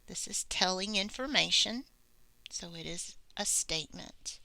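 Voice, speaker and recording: A woman teaching a grammar lesson at an unhurried, careful pace, reading each example with deliberate pauses. Her voice has a bright edge and a gravelly fry, recorded close and dry. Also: medium pitch, animated, no room sound. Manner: slow, deliberate, reads examples aloud with pauses.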